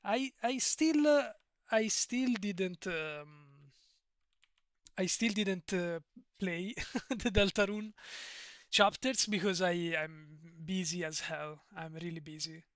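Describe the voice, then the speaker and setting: A man's voice: high-pitched, slow pace, fairly bright tone, no room sound, clean studio sound. Giggly man with an Italian accent. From Italy. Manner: giggly, rambling, often digresses. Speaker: streamer. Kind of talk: casual live-stream chat.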